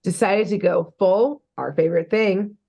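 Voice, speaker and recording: A woman's voice: mid-range voice, unhurried, creaky, mellow. Chatty young woman recapping a cartoon. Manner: chatty, filler-heavy, laughs often. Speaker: podcast co-host. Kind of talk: casual chat, retelling a cartoon episode.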